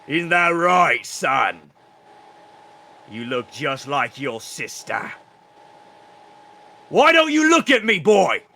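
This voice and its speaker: A man voicing a huge, chained male minotaur who is cruel, taunting and booming. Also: sing-song, takes it slowly, vocal fry, pauses often, full character voice. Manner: booming, shouting and mocking.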